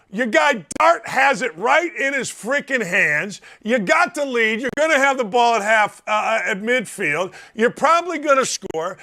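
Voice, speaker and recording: Man, sports show host, excitable, emphatic, high pitched, bright tone. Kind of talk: animated sports talk.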